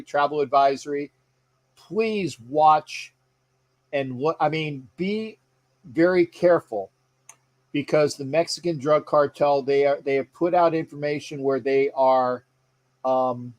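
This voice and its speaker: Guy running a live sports stream, kinda high voice, rambly, lots of uh's. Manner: rambling, chatty, reads viewer comments aloud; frequent fillers and restarts. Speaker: sports show host. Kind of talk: casual live-stream chat.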